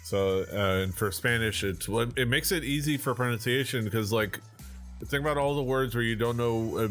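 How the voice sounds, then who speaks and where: A man's voice: mid-range voice, moderate pace, a bit bright, faint music behind. A man co-hosting a casual podcast, opening baseball card packs in an easygoing way, laughing often and trailing off mid-thought. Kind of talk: casual chat.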